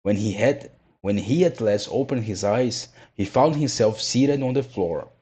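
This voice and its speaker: Husky male storybook narrator. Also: lowish voice, a little slow, dark tone. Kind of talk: storybook read-aloud.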